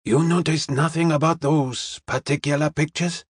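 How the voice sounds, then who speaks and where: A man's voice: on the high side, steady tone, husky, no echo, clean studio sound, pitched above the performer's own voice. A man voicing a courteous middle-aged male detective who speaks formally and evenly. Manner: polite, formal, measured.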